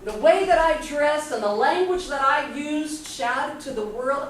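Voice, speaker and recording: A woman in her fifties giving an inspirational speech, telling her story with dramatic pauses. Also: high-pitched. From Texas, USA. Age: 50s. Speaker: motivational speaker. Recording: echoey hall from far off, faint noise.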